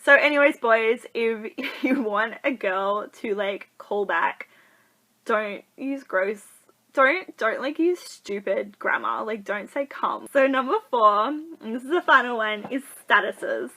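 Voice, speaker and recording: Young woman vlogger, chatty and animated, bright and fairly high, close camera mic. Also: takes it slowly, rough recording. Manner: chatty, full of likes, acts out quoted people. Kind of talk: casual advice vlog.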